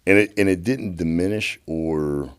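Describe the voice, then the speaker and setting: A middle-aged man, a podcast guest telling stories with animated energy and many restarts. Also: deep voice, measured pace, clear, resonant tone, dry recording, clean studio sound. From United States. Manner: animated, repeats words and restarts sentences. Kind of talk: passionate storytelling. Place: podcast studio.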